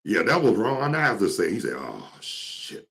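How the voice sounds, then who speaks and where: Deep gravelly man. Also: very animated, fairly quick, fairly bright tone. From Georgia, US. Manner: rambling, storytelling, mimics singers. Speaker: talk show host. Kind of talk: casual solo talk.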